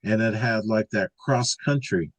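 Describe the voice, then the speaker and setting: A man's voice: lowish voice, a little slow, low-quality recording. A man in his sixties, an interview guest, telling a long story casually, rambling with restarts and filler words. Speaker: interview guest recounting an encounter.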